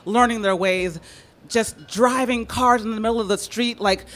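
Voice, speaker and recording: A woman from San Francisco telling a personal story, lively and often laughing as she acts out the people in it. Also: fairly high pitch, moderate pace. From San Francisco, United States. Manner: animated, laughing, acts out quoted voices.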